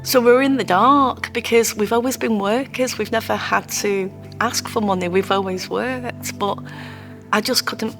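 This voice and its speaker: A woman telling her own story in a heartfelt, halting way. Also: a little high, a bit bright, faint music behind. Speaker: interviewee sharing her story. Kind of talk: personal testimony.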